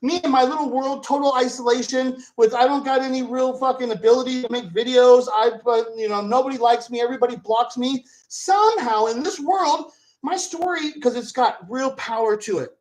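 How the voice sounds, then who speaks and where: A man's voice: extremely high pitch, moderate pace, darkish tone, low-quality recording. A man hosting a vlog who rants angrily and profanely, repeating himself as he argues. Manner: angry, profane, repetitive ranting. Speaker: video host. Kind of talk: profane ranting vlog commentary.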